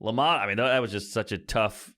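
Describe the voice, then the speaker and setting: A man in his thirties co-hosting a podcast, chatting casually and telling animated stories. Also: quick pace. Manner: animated storytelling, jumps high when quoting people. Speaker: podcast co-host. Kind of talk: casual chat.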